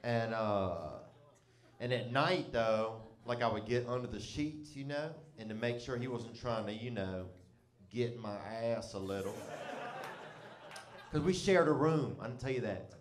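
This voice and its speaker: A man's voice: lowish voice, measured pace, reverberant. A man telling a comic story in a loose, rambling, profane way, often breaking into laughter. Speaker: comedian.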